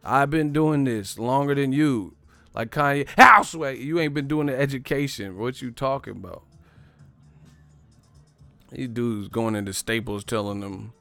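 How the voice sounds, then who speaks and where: A man's voice: medium pitch, measured pace, vocal fry, sharp tone, soft background music. A man hosting a livestream, ranting in a brash, profane, casual way and laughing often. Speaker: livestream host.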